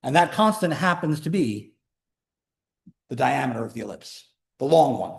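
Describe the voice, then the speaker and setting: A man teaching a calculus class, explaining in a chatty way with joking asides, sometimes drawing words out and sometimes rushing. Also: mid-range voice, expressive, creaky. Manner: pace swings between slow emphasis and quick runs. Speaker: math instructor. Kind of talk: classroom lecture.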